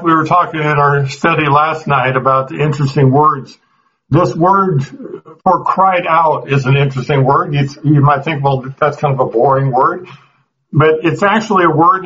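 A man's voice: fairly high pitch, fairly bright tone, lo-fi sound. A man teaching a Bible class, earnest, often restarting his words and putting questions to the group.

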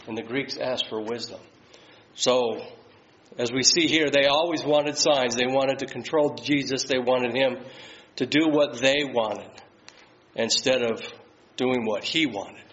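A man's voice: mid-range voice, a bit bright. A man leading a Bible study, putting questions to the group and reading scripture aloud. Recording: slightly dull sound.

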